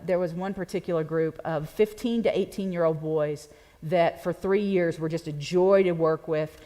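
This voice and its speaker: In a church sanctuary with long reverb, a woman pastor delivers a sermon, talking to her congregation directly in a playful, conversational way. Her voice sits at medium pitch and sounds a little mellow.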